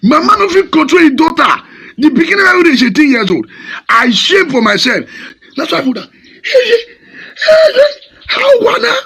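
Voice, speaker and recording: A Nigerian pastor preaching in a fiery, scolding, dramatic way, mixing Pidgin and English. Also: male voice, extremely high pitch, animated, fairly quick, creaky, pushed and bright.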